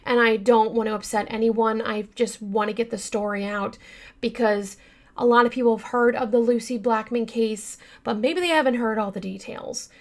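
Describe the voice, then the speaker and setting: Woman true-crime podcaster, bright higher voice, rambling casual delivery full of fillers, earnest, yawns at times. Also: steady tone, moderate pace. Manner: chatty, many fillers, addresses listeners as you guys; earnest and upset by the case. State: yawning now and then. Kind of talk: casual storytelling.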